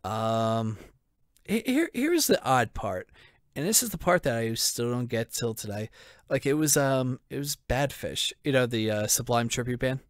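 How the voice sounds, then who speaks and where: This podcast co-host, a man with a medium-pitched, expressive voice, takes his time spinning a long, meandering story in relaxed chat. He swears and acts out what people said, and the studio-quality recording has no room sound.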